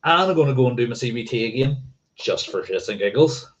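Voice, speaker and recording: A man's voice: medium pitch, expressive, fast. A man hosting a casual livestream, rambling and correcting himself and swearing offhandedly. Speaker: motorcycling livestream host.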